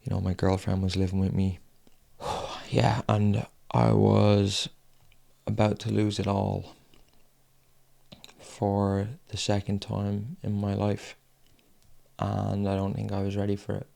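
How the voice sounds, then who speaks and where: A young man telling a painful personal story in a raw, frank way, swearing often and pausing with sighs. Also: fairly low pitch, monotone, vocal fry, mellow. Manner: halting, with long pauses and sighs. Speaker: fitness vlogger.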